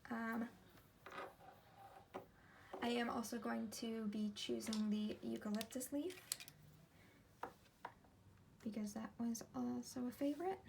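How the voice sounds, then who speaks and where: Woman, 30s, casual home vlogger; gravelly fry, rambling delivery, faint room hiss behind. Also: fairly high pitch, fairly even intonation, slow, pauses often. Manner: chatty, meandering, self-interrupting. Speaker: ink collection vlogger. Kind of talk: casual rambling vlog while swatching. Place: home desk.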